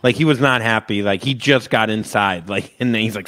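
A man co-hosting a podcast, telling a long story and acting out loud shouted quotes. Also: lowish voice, brisk, hardly any pauses. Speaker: podcast co-host. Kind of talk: casual chat.

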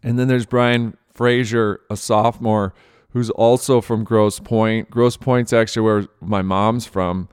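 A man's voice: lowish voice, steady tone, measured pace, clean tone, no echo, studio quality. A male host, a father, giving earnest spoken commentary with emotion in his voice, often repeating phrases. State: voice thick with emotion. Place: Austin, Texas.

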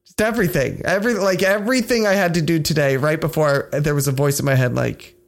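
A man's voice: fairly high pitch, steady tone, fast. A man co-hosting a casual podcast, tired and joking, swearing freely and teasing his partner. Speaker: podcast co-host. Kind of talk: casual banter.

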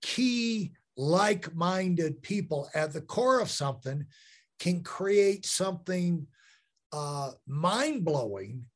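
A man's voice: sits high, expressive, slow pace. A male host with a slightly raised voice leads the talk with his guest. He muses aloud and stretches out words for emphasis. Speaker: podcast host. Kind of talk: conversational interview.

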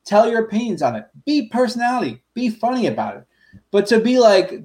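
A man's voice: sits high, very animated, fairly quick, a little mellow. A man on a podcast ranting bluntly, swearing often in casual chat.

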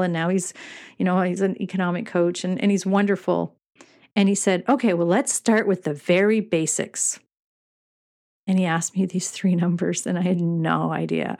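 A woman's voice: mid-range voice, darkish tone. A middle-aged woman hosting a podcast, talking in a chatty, earnest way about running a shop, with many fillers and frequent laughs. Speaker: podcast host and retail business coach. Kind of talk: casual podcast monologue.

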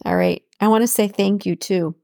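A woman's voice: mid-range voice, fairly even intonation, normal speed, no room sound, studio quality. A woman hosting a podcast alone, talking in an affirming, encouraging way and repeating her words of support. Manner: warm affirming, repeats phrases, speaks imagined words of encouragement. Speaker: podcast host. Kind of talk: encouraging solo podcast talk.

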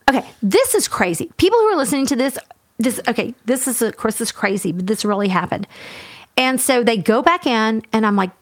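Woman, high voice, animated storyteller, dry close recording. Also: no room sound. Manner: animated, fast, acts out everyone's lines. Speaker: podcast co-host. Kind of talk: casual storytelling chat.

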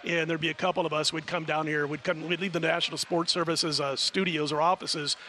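Casting: middle-aged male betting analyst, bright and crisp tone, chatty storyteller. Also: on the high side, a little fast, a little hiss or hum. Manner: rambling storyteller, chatty and animated. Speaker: sports betting handicapper guest. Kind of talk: casual radio chat.

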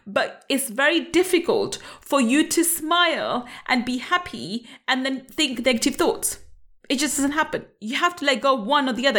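Middle-aged woman motivational coach, high bright voice, upbeat, laughs easily, keeps asking "right?". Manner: upbeat, laughs often, repeats rhetorical questions. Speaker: money coach. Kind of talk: motivational talk to camera.

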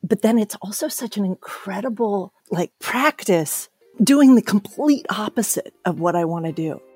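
A woman telling a candid, animated story about her daughter, with self-deprecating humor. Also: medium pitch, moderate pace, husky, no echo, soft background music.

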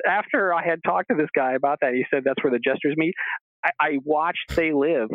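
A man's voice: on the high side, no echo. Man telling a story over a phone line. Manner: rambling, stammering restarts, acts out quoted voices. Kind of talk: casual storytelling on a radio show. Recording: dry phone-line sound.

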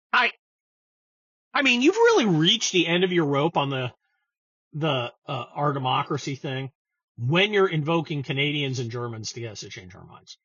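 A man's voice: a little high, pushed and bright, husky, no room sound, muffled recording. A man giving sarcastic, scornful political commentary on his show, often stumbling and restarting his sentences. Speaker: political podcast host.

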